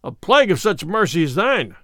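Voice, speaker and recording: A big, indignant outlaw roars and grumbles in a lively, climbing pitch, voiced by a man reading a storybook. He is blustering and sore about his loss, and the sound is dry and close. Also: a little fast, dry recording. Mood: grumbling. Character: burly beaten male outlaw, roaring and sulky.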